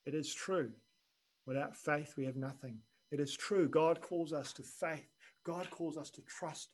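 A man preaching a sermon in an earnest, measured way, dropping quiet and then rising for emphasis. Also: fairly high pitch, fairly even intonation, poor audio. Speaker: pastor.

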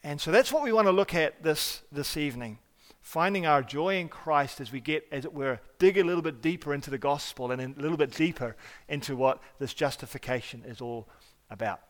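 Emphatic New pastor in a reverberant hall. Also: male voice, fairly high pitch, fairly quick, hardly any pauses. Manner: earnest, emphatic, with repeated restarts and swings from loud to quiet. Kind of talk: sermon.

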